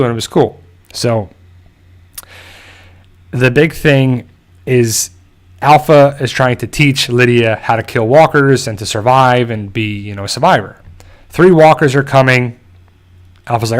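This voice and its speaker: Rambling male show host. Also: mid-range voice. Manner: loose, filler-heavy storytelling. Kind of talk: casual episode recap and discussion.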